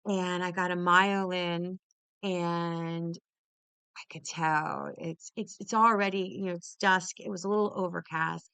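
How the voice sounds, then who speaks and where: A woman's voice: fairly low pitch, steady tone, unhurried, vocal fry, sharp tone, clear, resonant tone, dry recording. A woman telling a story in a casual, exuberant way, swearing freely, laughing often and restarting her sentences. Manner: many restarts and repeated words. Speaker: podcast host.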